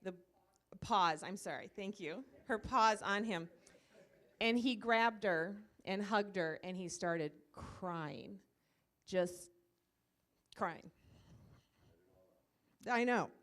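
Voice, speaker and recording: A woman's voice: mid-range voice, slow, pauses often, fairly bright tone. A woman leading a church ministry, telling a story to a group in a loose, chatty way, with many fillers. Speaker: church ministry leader presenting a comfort dog. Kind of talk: informal presentation to a church group. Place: church meeting room, live audience.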